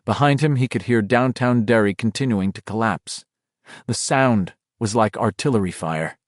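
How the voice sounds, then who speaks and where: A man's voice: fairly low pitch, moderate pace, no echo, studio quality. A man narrating a horror novel as an audiobook, in a dramatic, varied reading.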